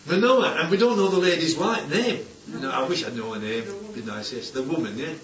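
Male preacher, chatty and animated, roomy distant recording. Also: on the high side, fairly quick, dull audio, crowd noise. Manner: chatty, keeps asking "yeah?", playful asides. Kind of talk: informal Bible-study sermon. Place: church hall with congregation.

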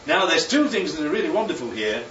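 A man preaching a sermon, lively and constantly checking in with his listeners by asking "right?" and "yeah?". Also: on the high side, fast talker, slight background noise. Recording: echoey, distant, dull sound with faint ambience.

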